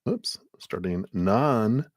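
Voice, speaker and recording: A man with a very deep voice talks through tarot cards on a live stream, easygoing and chatty. He laughs often and slips into quiet murmured asides. His voice sounds dry and close. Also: lively intonation, unhurried, no room sound. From Colorado. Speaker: tarot reader.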